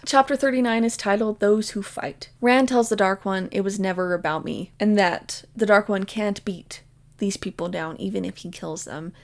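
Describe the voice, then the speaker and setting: A woman talking through a book she loves, with a steady middle-pitched voice that often slips into a gravelly fry. She retells the plot casually and sprinkles in "like" and "basically". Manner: emotionally invested in the story. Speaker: book vlogger. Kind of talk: casual spoken book summary.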